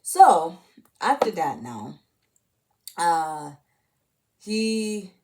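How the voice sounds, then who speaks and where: A woman's voice: on the low side, very animated, extremely slow, darkish tone. A woman retelling a movie in a casual, rambling way, full of fillers and restarts. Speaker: channel host.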